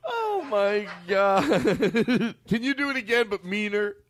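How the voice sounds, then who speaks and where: Podcast host, lively pitch swings, excitable rambling, laughs easily. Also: male voice, takes it slowly, a little hiss or hum. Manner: animated, excitable, repeats himself, laughs often. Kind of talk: casual podcast chat.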